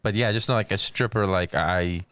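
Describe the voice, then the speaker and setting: A man co-hosting a livestream, wisecracking in a deadpan way during casual chat. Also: low voice, normal speed, clear, resonant tone, no room sound, studio quality.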